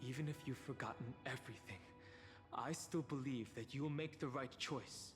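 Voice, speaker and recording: A man's voice: medium pitch, moderate pace, faint music behind, close to an everyday voice. A man voicing an earnest young male companion who pleads with an old friend in a game. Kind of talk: game voice acting.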